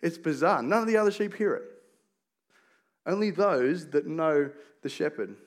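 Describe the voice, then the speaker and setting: A middle-aged man preaches a sermon with a voice pitched a bit above most men's. He talks like he's chatting with the congregation, telling stories with folksy asides and asking rhetorical questions. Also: expressive, normal speed. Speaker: pastor.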